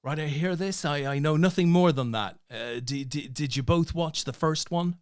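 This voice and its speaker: A man's voice: fairly high pitch, moderate pace, no room sound, studio quality. A man hosting a casual poker show, joking and reading out viewer messages with many fillers. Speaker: host. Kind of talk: casual podcast chat.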